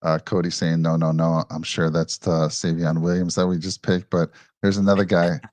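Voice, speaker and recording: A man's voice: sits low, level tone, moderate pace, darkish tone, no room sound. A man hosting a casual sports chat, upbeat as he leads the show and reads out viewer questions. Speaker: host.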